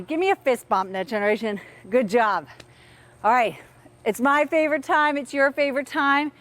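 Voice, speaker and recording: Energetic woman coach, high voice, counts drills aloud for kids, a bit winded. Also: moderate pace. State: out of breath. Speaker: tennis coach. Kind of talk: live online kids' workout lesson.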